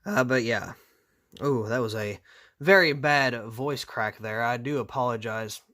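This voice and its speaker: A man's voice: medium pitch, measured pace, bright, forceful tone. A man reviewing model cars in a casual, rambling way, tired with his voice going out, dropping sarcastic asides. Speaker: diecast reviewer.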